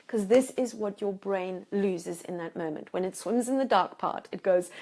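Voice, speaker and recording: A woman's voice: mid-range voice, normal speed, few pauses, a little mellow. A woman life coach giving a motivational talk to her own camera, emphatic and repeating words for stress. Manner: acts out anxious inner voices. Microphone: self-filmed camera.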